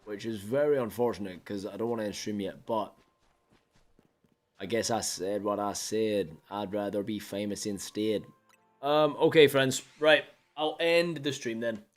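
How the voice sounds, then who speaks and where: A young man chatting casually with viewers while streaming a game, playfully mopey and theatrical. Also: medium pitch. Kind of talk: casual live-stream chat.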